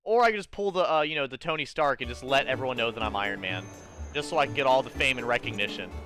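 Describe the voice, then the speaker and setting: A man is live-streaming a video game, ranting excitedly in casual commentary, swearing freely at the game and talking to his viewers. His voice is mid-range and fast, with game music playing behind him.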